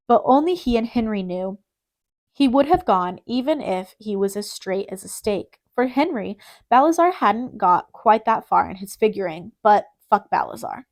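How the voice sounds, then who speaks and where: A woman reading an audiobook in a steady, measured narration. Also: mid-range voice.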